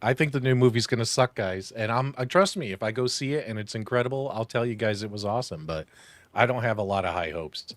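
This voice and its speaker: A man's voice: fairly low pitch, fast, no room sound. A man co-hosting a casual chat, ranting bluntly and crudely. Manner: acts out roars loudly. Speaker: co-host.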